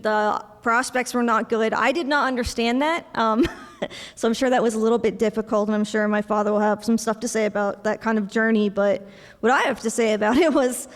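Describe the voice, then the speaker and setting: A young woman giving a memorial speech for her mother, telling family stories with soft laughs and acting out bits of dialogue. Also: fairly high pitch. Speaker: eulogy speaker, daughter of the deceased. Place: memorial service hall. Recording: long reverb of a large hall.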